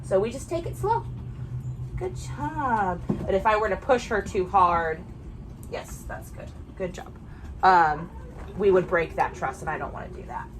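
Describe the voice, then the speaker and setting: A young woman works as a dog trainer and talks through each step in a calm, gentle voice. She speaks slowly and keeps her tone soft and even. A faint background hiss sits under her voice. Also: mid-range voice. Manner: calm, soft-spoken, gentle praise to the dogs. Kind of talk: training session with spoken explanation.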